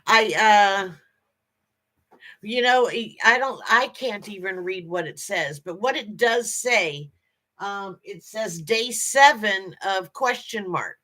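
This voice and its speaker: A woman hosts a relaxed livestream and greets her viewers one by one. She talks slowly and her tone is bright and forward. Her chat is halting and full of ums and restarts. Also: mid-range voice. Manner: greets viewers cheerfully by name. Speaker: livestream host.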